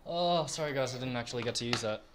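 A young man giving casual, sweary, excitable commentary while playing a shooter with friends. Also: mid-range voice, fast, over a noisy crowd. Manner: sweary, excitable banter with teammates. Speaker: gaming channel host. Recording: game noise under the voice.

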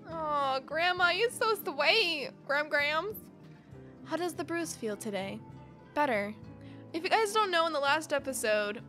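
A high, bright woman's voice that swoops around lively. She reads a webcomic aloud and reacts in a bubbly, gushing, giggly way, with faint music underneath. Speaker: YouTuber.

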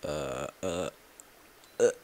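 A man's voice: rumbling low, drawn-out words, creaky, a little mellow, a little hiss or hum. A man giving casual, rambling commentary while playing a video game, talking to himself and cussing at the monsters. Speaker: gameplay video creator.

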